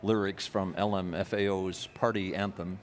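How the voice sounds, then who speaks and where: A man's voice: low voice, fairly even intonation, normal speed, a little hiss or hum. A man hosting a TV sports interview, teasing his guest in a dry, mock-pompous way. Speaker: host. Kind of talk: TV sports talk-show interview. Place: arena broadcast set.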